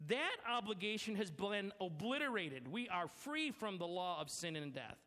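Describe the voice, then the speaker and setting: Guy pastor preaching, bright ringing voice, big echoey hall, leans hard on words. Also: sing-song. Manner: emphatic preaching, slows and drops low for weight. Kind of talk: sermon. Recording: long hall reverb.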